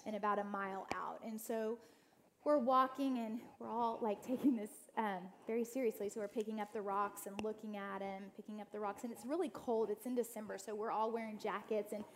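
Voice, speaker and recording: A woman guest speaker gives an inspirational church talk, telling family stories, addressing her listeners directly and acting out the voices of relatives she quotes. Her mid-range voice is fairly even in intonation and a little fast, with a bit of hiss or hum.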